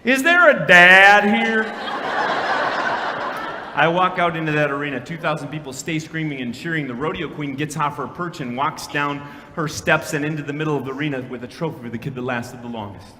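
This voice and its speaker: A man from Minnesota delivers a conference keynote as a dramatic story, his voice high and very bright. He shouts some lines and hushes others, and a long reverb from the big hall trails every word over a faint hum of room noise. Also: fairly quick. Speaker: keynote speaker.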